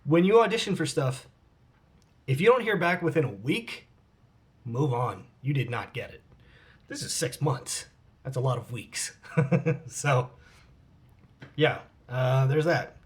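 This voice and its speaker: A man in his forties reading out and answering fan questions in a casual vlog, relaxed and swearing freely. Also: medium pitch, unhurried, pauses often, breathy edge.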